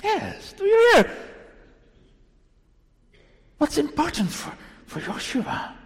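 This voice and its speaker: A man's voice: very high voice, wildly swooping pitch, creaky, long reverb tail. A man preaching a sermon to a congregation, emphatic and full of rhetorical questions. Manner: slow, deliberate delivery with sudden rises. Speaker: pastor. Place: church.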